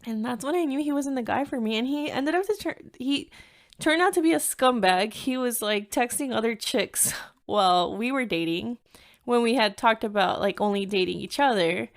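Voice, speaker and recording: A woman's voice: fairly high pitch, expressive, normal speed. A woman in her early thirties, hosting a podcast and telling a personal story in a chatty way, full of "like" and acted-out quotes. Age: early 30s. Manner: chatty, many "like" fillers, acts out quoted dialogue. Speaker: podcast host. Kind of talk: casual storytelling monologue.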